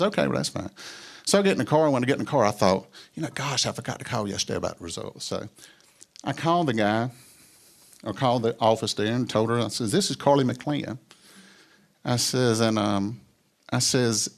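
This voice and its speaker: A man's voice: lowish voice, gravelly. Folksy man telling his story. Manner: folksy, storytelling, acts out dialogue. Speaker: businessman sharing his testimony. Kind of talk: personal testimony talk.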